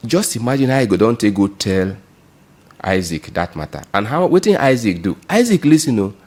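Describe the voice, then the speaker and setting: Animated Nigerian Pidgin Bible teacher. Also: male voice, lowish voice, moderate pace. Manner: lively, explanatory, asks rhetorical questions.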